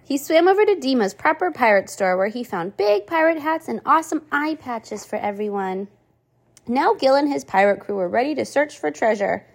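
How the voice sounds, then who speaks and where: A mother reading a storybook aloud, animated and chatty, her voice fairly high and rising and falling with lots of expression. she pauses now and then to talk with her little one about the pictures. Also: vocal fry. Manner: animated, chatting with her child between pages. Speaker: parent reading to child.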